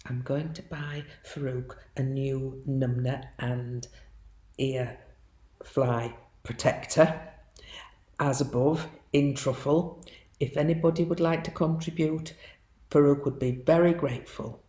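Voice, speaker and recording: Mellow woman, echoey room. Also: a bass voice, fairly even intonation, slow pace. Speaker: vlogger. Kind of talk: voice-over appeal to viewers.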